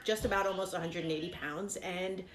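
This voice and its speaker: A woman's voice: on the low side, steady tone, brisk, crowd noise. Chatty, encouraging woman in an echoey room. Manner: chatty, encouraging, many fillers. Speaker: fitness vlogger. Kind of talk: casual advice to camera.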